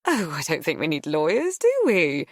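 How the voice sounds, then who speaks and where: A woman voicing a falsely sweet woman trying to smooth things over. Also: deep voice, wildly swooping pitch, moderate pace, no echo, clean studio sound, full character voice. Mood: placating.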